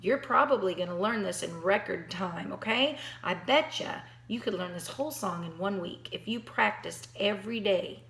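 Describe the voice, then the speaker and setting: A woman's voice: mid-range voice, expressive, moderate pace, vocal fry, few pauses, a bit bright. A woman giving a piano lesson, talking straight to her student in an encouraging way, thinking aloud and counting beats. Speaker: piano teacher. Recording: roomy echo.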